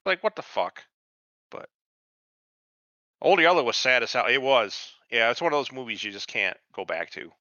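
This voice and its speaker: Podcast co-host, man, bright and forward, dull dry recording, rambling and profane. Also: mid-range voice, normal speed, no echo. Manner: rambling, swears a lot, lively. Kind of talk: casual profane chat.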